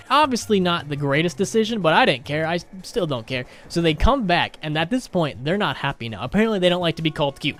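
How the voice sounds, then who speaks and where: A man's voice: a little high, animated, fast, hardly any pauses, a bit bright. Joking young man telling a story. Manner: rambling, self-mocking, joking storyteller. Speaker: gaming YouTuber. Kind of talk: storytime over gameplay.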